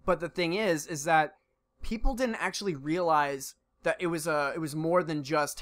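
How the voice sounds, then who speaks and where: A man's voice: a little high, moderate pace, fairly bright tone. A man co-hosting a casual podcast, rambling and restarting his sentences as he thinks aloud. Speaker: podcast co-host. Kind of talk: casual chat. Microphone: podcast mic.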